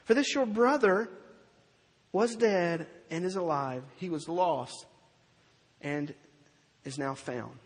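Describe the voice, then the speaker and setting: A preacher voicing a patient older father coaxing his son, earnest, with a husky voice in a reverberant hall. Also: on the high side, slow pace, pauses often, heavily acted. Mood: pleading.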